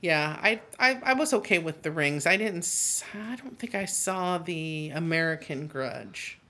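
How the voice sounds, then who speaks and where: A woman in casual chat, telling a story in an animated way and swearing freely. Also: on the low side, measured pace.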